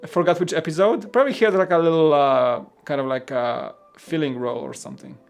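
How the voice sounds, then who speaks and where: A man's voice: fairly high pitch, fast, creaky, soft background music. Chatty man streaming. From Poland. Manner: rambling, chatty, reads out viewer comments. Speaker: host. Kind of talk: casual livestream chat.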